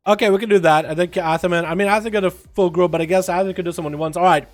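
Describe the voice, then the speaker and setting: Racing along in a high-pitched, steady tone, this man chats loosely with viewers during a casual gaming livestream. He drops an occasional swear word and keeps hyping up the crowd.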